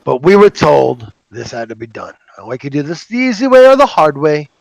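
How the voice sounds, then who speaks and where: A man's voice: fairly high pitch, big pitch swings, brisk, gravelly, dry recording, poor audio. A man voicing a blunt, plainspoken hired swordsman in a tabletop game. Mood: firm.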